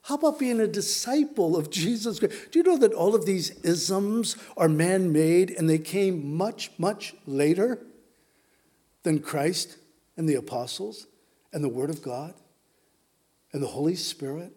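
A man's voice: high-pitched, animated, unhurried, warm tone, slightly rough. A man preaching a sermon in an earnest, emphatic, urgent way.

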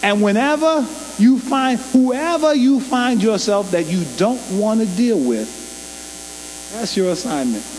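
A man's voice: sits high, expressive, unhurried, a little mellow. A man preaching a sermon, emphatic and folksy, with loose colloquial grammar and call-and-response to the congregation. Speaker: pastor. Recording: long hall reverb with faint mains hum.

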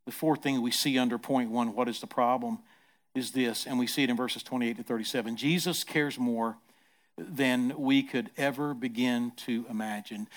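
A middle-aged man preaching a sermon as pastor, swinging from quiet, soft passages to loud, emphatic ones and repeating words as he builds. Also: medium pitch.

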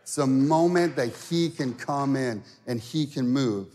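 A man preaching a sermon in church, swinging from quiet talk to shouting and stretching words out. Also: mid-range voice, a little slow, long reverb tail. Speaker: pastor. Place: church sanctuary.

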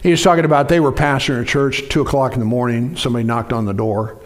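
A man's voice: medium pitch, fairly even intonation, quick pace. A man preaching a sermon, exhorting the congregation and telling a story loosely with many restarts.

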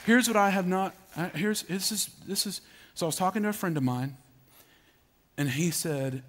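Delivering a sermon, a middle-aged man, a pastor from the Southern United States, has a voice that sits high and sounds a bit bright at a normal speed. He preaches emphatically, repeating phrases again and again and calling out to his congregation.

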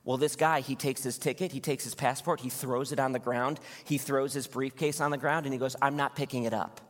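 A male pastor preaching a sermon, telling a personal story in a lively storytelling manner before reading scripture. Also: medium pitch, a little fast. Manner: storytelling, animated when recounting anger. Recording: long hall reverb.

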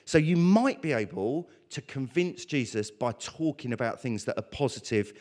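A man preaching a sermon, talking through scripture and acting out prayers and dialogue in an animated way. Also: mid-range voice, moderate pace.

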